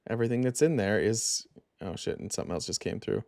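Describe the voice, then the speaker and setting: A man's voice: fairly low pitch, quick pace, creaky, a little mellow, no echo, clean studio sound. A tired man hosting a casual live stream, reading viewer comments aloud in a loose, rambling way full of fillers.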